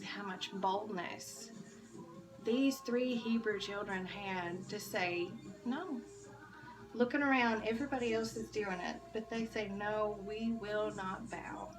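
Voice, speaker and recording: A woman's voice: medium pitch, recorded from a distance, rough recording. A woman giving an earnest, emotional devotional talk to church kids, restarting her phrases often. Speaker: church kids' devotional speaker. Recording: music behind, voice a bit off-mic.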